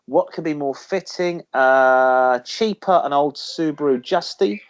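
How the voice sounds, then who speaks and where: A man's voice: fairly high pitch, unhurried, dull audio. A man co-hosting a casual car chat show from a home studio, rambling and joking, now and then putting on silly voices. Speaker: co-host.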